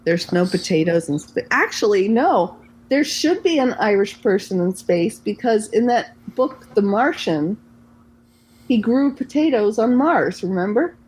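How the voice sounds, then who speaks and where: Husky, lively-voiced woman co-host. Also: medium pitch, unhurried, poor audio. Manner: playful, reads out trivia questions. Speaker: podcast co-host. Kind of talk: casual chat.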